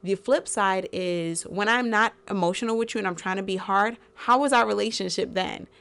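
A woman's voice: medium pitch, normal speed, vocal fry. A woman co-hosting a podcast in casual chat, talking openly and expressively about her feelings. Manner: open, emotionally expressive. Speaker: podcast co-host.

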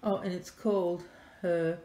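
A woman unboxing a parcel on camera as a doll collector vlogger, gushing and softly delighted, often dropping to breathy whispers. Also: lowish voice, fairly even intonation, unhurried. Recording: echoey room with faint noise.

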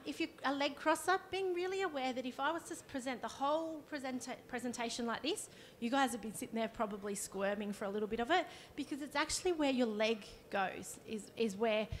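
A woman's voice: fairly high pitch, a little fast, hardly any pauses, a little hiss or hum. A woman, a counsellor giving a conversational workshop talk and demonstrating as she explains. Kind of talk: live presentation to an audience.

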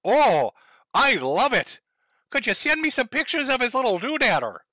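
A man's voice: very high-pitched, big pitch swings, normal speed, pushed and bright, dry recording, pitched above the performer's own voice, exaggerated voice. A man voicing a doting middle-aged mother in a mocking, cooing, sing-song way. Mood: gushing.

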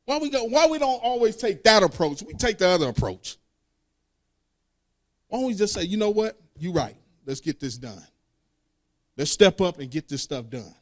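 A man's voice: sits high, sing-song, moderate pace, long pauses. A man preaching a sermon, reading scripture aloud and breaking into sung, call-and-response lines in casual speech.

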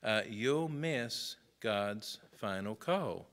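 Middle-aged guy preaching sunday school, lowish voice but bright and forceful, chatty asides. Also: lively intonation, drawn-out words. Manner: folksy asides and mock dialogue with listeners. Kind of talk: preaching a Bible lesson.

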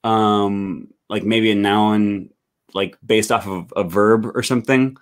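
Male host, casual chat, relaxed and curious, lowish voice. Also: slow pace, smooth. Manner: relaxed, curious, many fillers. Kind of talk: casual video call chat.

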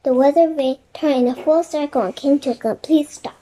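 High-voiced woman reading a chapter book. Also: brisk, dark tone, slight background noise, poor audio. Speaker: storybook reader.

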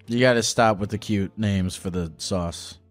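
A man's voice: lowish voice, measured pace, soft background music. A man hosting a call-in show, pressing a caller with blunt, profane questions. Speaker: host.

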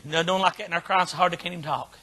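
Older man, baptist preacher, fiery sermon, very high pitch, bright edge. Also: fairly even intonation, very fast, slightly rough. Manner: folksy, preaches in short punchy bursts that swing from quiet to shouting.

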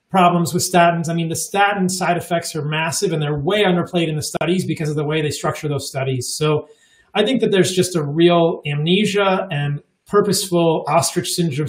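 A man's voice: fairly high pitch, roomy sound. A man in his forties, a podcast guest, talking emphatically and repeating words for stress. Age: 40s. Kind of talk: casual chat.

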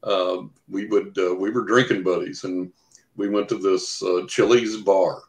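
Speaking unhurriedly in a deep, fairly even voice, an older psychic investigator tells long stories as an interview guest. Fillers and acted-out quotations run throughout, and the space sounds echoey.

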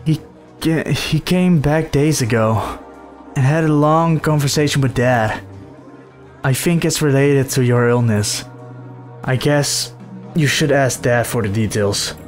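A man voicing a worried, earnest young woman character in a calm, low reading. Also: a little slow, faint music behind, close to an everyday voice.

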